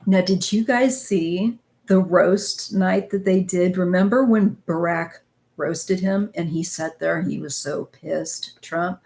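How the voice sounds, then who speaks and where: Chatty host, woman, middle-aged, Midwestern accent with slight twang, lowish voice, casual asides. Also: unhurried. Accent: Midwestern American, slight northwest Missouri twang. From northwest Missouri, US Midwest. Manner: relaxed, chatty, laughs easily, trails off in asides. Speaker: tarot channel host. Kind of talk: casual chat.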